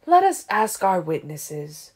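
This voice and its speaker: A woman reading an audiobook, voicing an ancient male vampire leader who speaks in a tolerant, silky, falsely gentle way. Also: lowish voice, very animated, slow, husky, full character voice. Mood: smooth, condescending.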